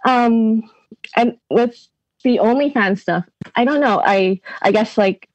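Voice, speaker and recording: A young Canadian woman with a Canadian accent guests on a podcast, chatting casually and laughing through her answers as she keeps breaking into giggles. Her voice is fairly high, and she takes her time. The audio is dull with no room sound.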